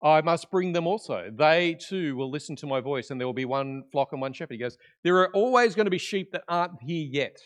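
A man preaching a conversational sermon in church, swinging between loud emphasis and quiet, intimate asides. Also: on the high side, lively intonation, brisk, few pauses. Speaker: pastor.

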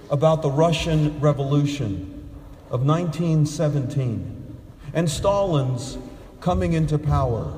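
Man preaching slow, higher voice, big echoey church. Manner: storytelling with jokes. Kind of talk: sermon.

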